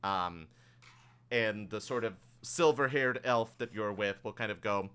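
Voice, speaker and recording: A man's voice: fairly low pitch, measured pace, pushed and bright, clean tone. A man narrating as game master of a tabletop game, improvising loosely with many fillers.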